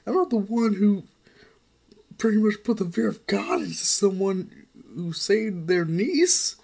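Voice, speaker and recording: A man voicing a spirited teenage girl inventor who scolds sharply in a high voice. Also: lively intonation, measured pace, gravelly, a little mellow, husky, heavily acted. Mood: scolding.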